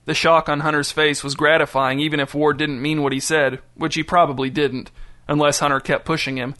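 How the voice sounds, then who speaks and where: Bright-voiced male audiobook narrator. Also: a little high, level tone, fairly quick. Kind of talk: scripted narration.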